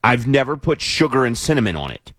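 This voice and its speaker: A man hosting a radio talk show, chatting casually in an animated, playfully skeptical way. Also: mid-range voice, fast talker, no room sound, clean studio sound. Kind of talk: casual on-air banter.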